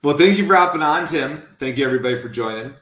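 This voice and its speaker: A man in relaxed, amused casual chat as a guest. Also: fairly high pitch, quick pace. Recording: distant echoey mic.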